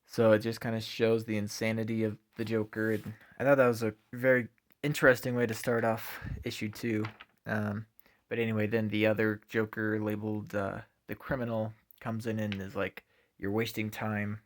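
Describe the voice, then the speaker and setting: A man talks through a comic book issue in a casual review. His voice sits a bit low, and he pauses often with ums and uhs. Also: flat delivery. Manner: hesitant, many ums and uhs.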